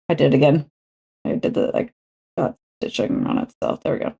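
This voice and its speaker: A woman's voice: sits low, brisk, gravelly, dark tone, husky. A woman, chatting and rambling to herself and her viewers while she crafts on a stream. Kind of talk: casual chat while crafting.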